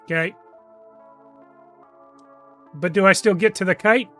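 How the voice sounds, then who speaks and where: A man joking and asking questions as a player in a tabletop game. His voice is high for a man and bright, with a playful, chatty tone. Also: steady tone, a little slow, faint music behind. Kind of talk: casual tabletop play.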